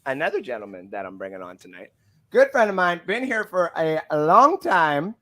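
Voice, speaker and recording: A man's voice: fairly high pitch, sing-song, normal speed, bright, forceful tone, rough recording. A man hosting a casual sports podcast, rambling and self-deprecating, laughing often. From Canada. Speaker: host.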